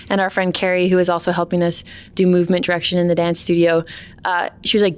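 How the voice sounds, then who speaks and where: A woman's voice: lowish voice, level tone, very fast, smooth. A woman filmmaker who also acted in the film, talking loosely and rambling with fillers in an interview. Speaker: filmmaker and lead actor. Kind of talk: casual interview.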